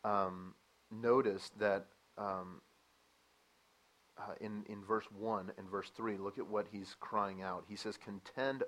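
A man preaching a sermon, animated and emphatic, asking the listeners rhetorical questions and dropping to a quieter explaining tone at times. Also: low-pitched, low-quality recording.

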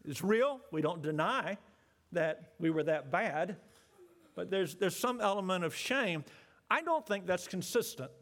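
A man pastor giving an earnest, measured sermon, repeating key phrases and slowing down for emphasis. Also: sits high, animated, fairly bright tone. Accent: Southern US.

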